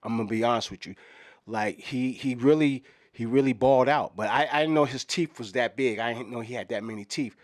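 A man's voice: medium pitch, brisk, dry recording, clean studio sound. A middle-aged man in a rambling parody press conference, drifting off topic and saying "you know what I'm saying" over and over. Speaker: comedian doing a mock fan press conference. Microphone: microphones in front of him at a podium.

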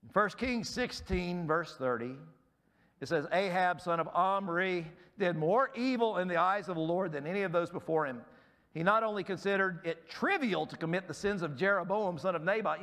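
A man preaching a sermon as pastor in a church, emphatic and rising sharply on key words, his voice going hoarse. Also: high voice, normal speed, fairly bright tone. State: losing his voice.

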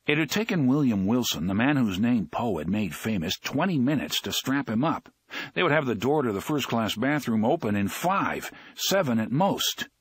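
A man narrating an audiobook in an expressive, dramatic reading. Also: medium pitch, moderate pace, breathy edge, no room sound, studio quality.

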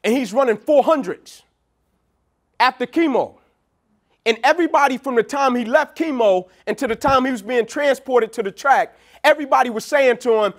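High-voiced man telling stories on stage. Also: moderate pace. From Atlanta, USA. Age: young adult. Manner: storytelling, animated, quoting people in dialogue. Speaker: keynote speaker. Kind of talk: motivational speech. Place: large event venue.

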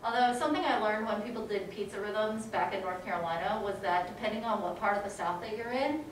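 A woman's voice: mid-range voice, quick pace, a little hiss or hum. Chatty woman teacher in an echoey room. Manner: chatty, animated, sings short rhymes. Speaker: music education instructor. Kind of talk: casual teaching in a class session. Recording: echoey room, mic from a distance.

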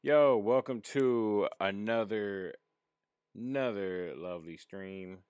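A man's voice: fairly low pitch, slow pace, darkish tone, smooth, dry recording, lo-fi sound. A man from Michigan hosting his stream, telling a story from his life in a casual, profane, laid-back way. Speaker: streamer host.

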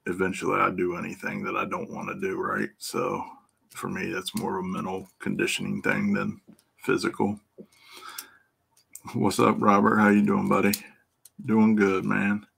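A middle-aged man with a Midwestern American accent chats loosely on a live stream, greeting viewers one by one. His low voice has a gravelly fry and a bright, forceful edge. He swears casually and breaks into laughter often. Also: normal speed. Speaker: livestream host and EFI tuner.

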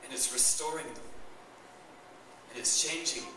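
A man's voice: medium pitch, unhurried, background noise. A young man preaching a sermon as pastor, enthusiastic and conversational, recorded in a church hall. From Canada. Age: young adult. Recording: echoey church hall, mic far off.

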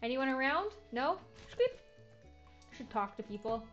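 A young woman rambling through a relaxed game stream, her voice sitting a little high. She talks casually, packed with "like" and wry jokes. The mic sounds muffled and lo-fi, with soft game music behind. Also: unhurried. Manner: chatty, heavy on filler "like", jokey asides. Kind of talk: casual let's-play commentary.

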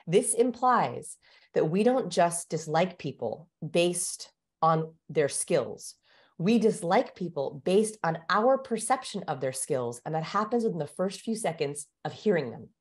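Low-voiced woman explaining with energy. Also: measured pace. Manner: animated, teacherly, shifts pace for emphasis. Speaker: guest expert on communication. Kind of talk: explanatory interview talk.

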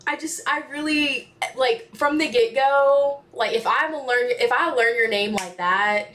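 A young woman hosting a music reaction channel, gushing excitedly and talking back to the performers on screen. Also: fairly high pitch, a little slow, hardly any pauses, slight background noise. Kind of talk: casual reaction commentary. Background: faint music playing.

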